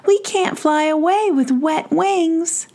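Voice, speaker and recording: A woman voicing a plucky young female fairy in a brisk, exclaiming way, partly as whispered role-play. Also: very high-pitched, background noise, voice pushed up, full character voice. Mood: grumpy.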